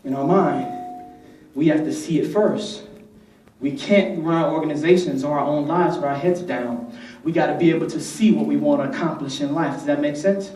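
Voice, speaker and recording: A young man giving an energetic motivational speech to a youth conference, calling on the crowd to repeat his words. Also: fairly high pitch, normal speed, soft background music. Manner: energetic, rhythmic, rallies the crowd. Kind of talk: motivational speech with call-and-response. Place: large conference hall. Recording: echoey hall from far off.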